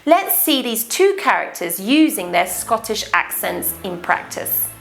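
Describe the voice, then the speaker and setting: Slow, careful RP English woman teacher. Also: medium pitch, sing-song, creaky, fairly bright tone, faint music behind. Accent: English received pronunciation. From England. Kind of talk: accent lesson.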